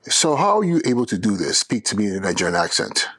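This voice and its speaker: Earnest low-voiced male podcast host. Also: sing-song, fast talker, fairly bright tone, no room sound. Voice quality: earnest and persuasive, with frequent restarts. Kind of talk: solo podcast talk.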